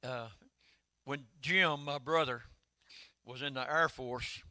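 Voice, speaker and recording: An older man, preaching a sermon in a folksy storytelling way that swells into shouted calls. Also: mid-range voice, steady tone, slow, dry recording. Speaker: pastor.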